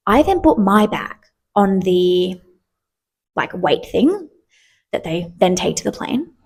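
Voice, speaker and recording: A woman's voice: medium pitch, big pitch swings, slow pace, a little mellow, slightly rough. A young woman hosting a podcast, telling travel stories in a chatty way with lots of fillers and acting out the people in them. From Australia. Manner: chatty, filler-heavy, acts out quoted exchanges. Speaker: podcast host. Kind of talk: casual storytelling.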